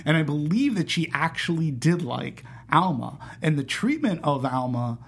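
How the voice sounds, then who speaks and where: A man with a husky, slightly raspy voice talks about a film in a casual panel chat. He is animated and keeps stopping to act out characters' lines, restarting his sentences as he goes. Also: a little high, normal speed. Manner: animated, acts out quoted lines with fillers and restarts.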